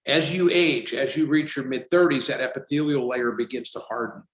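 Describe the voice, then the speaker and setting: A man in his sixties talks at a middle pitch, chatty and animated, slipping into the voices of the people in his stories. The room rings around him, giving his voice a noticeable echo. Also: moderate pace. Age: 60s. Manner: animated storyteller, acts out quotes. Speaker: company CEO guest. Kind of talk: casual podcast interview. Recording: roomy echo.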